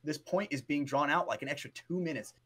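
A man co-hosting a podcast, telling a story in a lively, profane way and often adding "right?" and "bro". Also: a little high, brisk, slightly rough. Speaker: podcast co-host. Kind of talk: casual storytelling chat.

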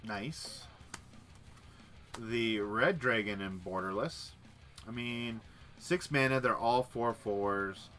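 Bright-voiced man hosting a card stream. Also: medium pitch, takes it slowly, soft background music. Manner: wry, muttering asides. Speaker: livestream host opening card packs. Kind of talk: casual chat while reading cards aloud.

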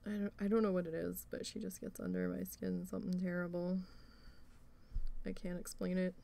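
A woman's voice: lowish voice, brisk, creaky, dark tone. A woman vlogger chatting casually while she needle felts, rambling and venting with free swearing. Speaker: crafting vlogger.

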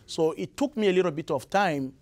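Young Congolese man, French accent, slightly high voice, hesitant guest answers. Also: darkish tone. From Republic of the Congo. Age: young adult. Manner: halting, many restarts and fillers. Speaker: guest musician. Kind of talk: interview answers.

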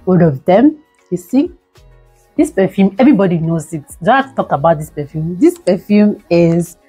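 A woman's voice: fairly low pitch, big pitch swings, moderate pace, mellow, breathy edge, faint music behind, low-quality recording. A young Nigerian woman in a product review vlog, talking dramatically and gushing, pleading again and again, sitting indoors by a window. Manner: dramatic and gushing, repeats pleas. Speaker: beauty vlogger.

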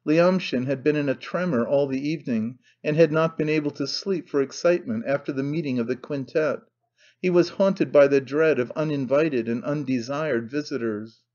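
A man narrating a classic novel as an audiobook in a measured, even reading. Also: on the high side, lo-fi sound.

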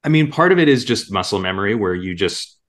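A man, a voice actor, chatting casually in an interview and now and then slipping into quick character voices. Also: fairly low pitch. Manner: relaxed, demonstrates character voices in passing. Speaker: voice actor guest.

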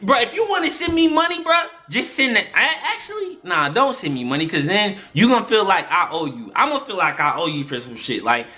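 A young man telling a story-time vlog in an exasperated, profane, animated way. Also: high-pitched, fairly quick, few pauses. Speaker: YouTuber.

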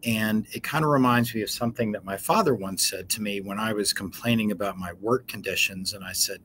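Educator, male: lower-pitched man, casual explanatory teaching manner, lots of ums, faint room noise behind. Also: fairly quick, few pauses. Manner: relaxed, explanatory, frequent ums. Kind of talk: informal teaching talk.

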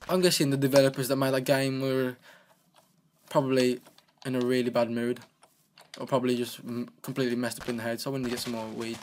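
A man's voice: mid-range voice, a little mellow, a little hiss or hum. A man giving casual, rambling gameplay commentary as a let's play gamer, playful and often talking to himself.

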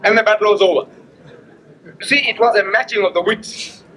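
High-voiced man giving a storytelling mosque lecture. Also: normal speed, bright, forceful tone, slight background noise, low-quality recording. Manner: storytelling with repeated phrases and rhetorical questions; acts out both sides of quoted dialogue. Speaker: Islamic lecturer. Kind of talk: public religious lecture.

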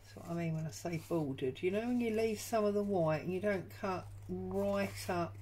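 A woman's voice: fairly low pitch, moderate pace, a little mellow, breathy edge, low-quality recording. A woman hosting a crafting tutorial from her home craft room, chatting and thinking aloud as she works. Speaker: junk journal crafter and channel host.

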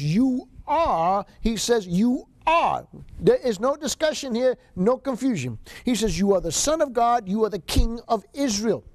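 A man's voice: high voice, a little mellow, no room sound. A male seminary lecturer teaching a Bible survey class, reading scripture aloud and repeating key phrases for emphasis.

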